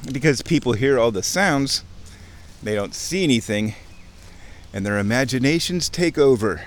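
A man's voice: medium pitch, expressive, normal speed. A man narrating casually while walking outdoors along a wooded creek. He is playful and chatty, mimicking sounds and chuckling often. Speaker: nature vlogger. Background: faint outdoor ambience.

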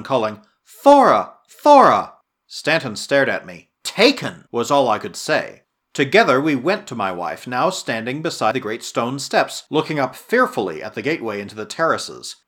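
A man with a husky voice reading a first-person adventure story aloud in expressive audiobook narration. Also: medium pitch.

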